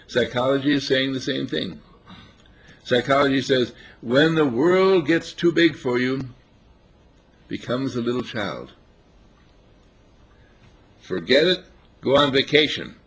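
A man giving an informal sermon on a spiritual path, telling stories with animated chuckles. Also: medium pitch, unhurried, long pauses, slightly rough. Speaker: spiritual teacher.

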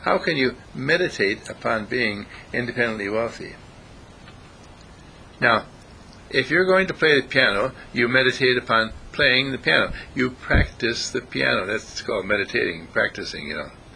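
A man giving an informal spiritual talk, animated and acting out voices as he goes. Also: medium pitch, normal speed, vocal fry, slight background noise, poor audio. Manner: animated, acts out voices, chuckles often.

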